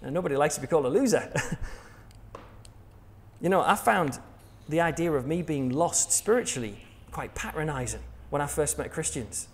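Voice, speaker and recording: An English man gives a sermon in a relaxed, conversational style, with a voice pitched a touch above average. He keeps it light, joking with the congregation and laughing at his own lines. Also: moderate pace. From England. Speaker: preacher.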